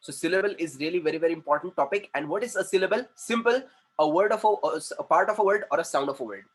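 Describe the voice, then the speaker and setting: A man with an Indian accent teaching an English lesson, who repeats words slowly and switches into Hindi to explain. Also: high voice, slightly rough, rough recording. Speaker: communication trainer.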